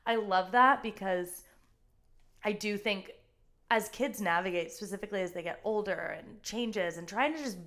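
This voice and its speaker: Young woman, podcast host, mid pitch, enthusiastic, casual chat, acts out quotes. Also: moderate pace, a bit bright.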